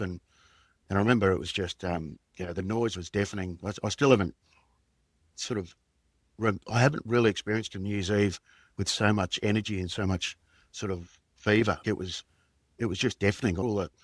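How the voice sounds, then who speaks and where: Low-voiced Australian man telling a story. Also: no room sound. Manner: halting, reflective, many fillers and restarts. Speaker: podcast guest, former police detective. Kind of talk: personal storytelling in conversation.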